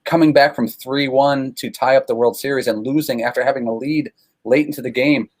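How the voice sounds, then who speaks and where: A man guest telling sports stories in a casual, animated, self-deprecating way. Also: mid-range voice, a little fast. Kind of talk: casual storytelling.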